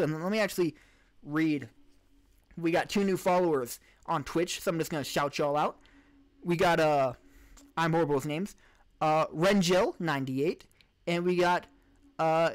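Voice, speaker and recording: Male podcast host, slightly high voice, casual live-stream Q&A, rambling, self-correcting, desk mic. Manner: rambling, restarts and self-corrections while reading chat.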